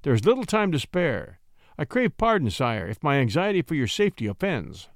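A man's voice: a little high, huge pitch swings, fairly quick, no room sound, studio quality. A man voicing a stern duke with a harsh voice in a classic story.

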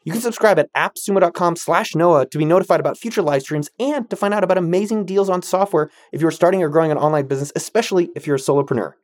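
A man's voice: fairly high pitch, fast talker, few pauses, no room sound, clean studio sound. A man hosting a podcast, answering listener questions in a casual, jokey, slangy way. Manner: jokey and slangy, full of banter. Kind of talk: casual, hyped Q&A talk.

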